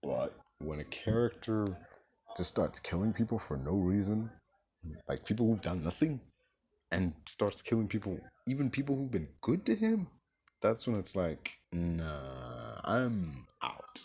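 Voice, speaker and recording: A man's voice: fairly low pitch, big pitch swings, normal speed, a little mellow, slight background noise. A man giving a rambling, profane spoken movie review and acting out characters' lines as he goes.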